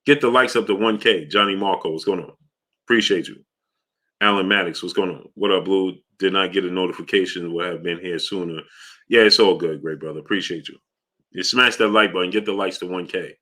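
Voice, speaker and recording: A deep-voiced man runs a casual live stream, calling out viewers by name and reading their comments aloud. His tone is bright and punchy. He keeps pushing people to hit the like button. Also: a little fast. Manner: shouts out viewers by name, asks for likes.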